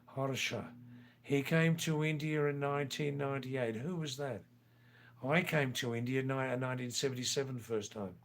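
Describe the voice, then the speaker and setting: A man's voice: mid-range voice, steady tone, normal speed, slight background noise. An older man hosting a casual livestream, reading out viewer comments and answering them with playful, teasing asides. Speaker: livestream host.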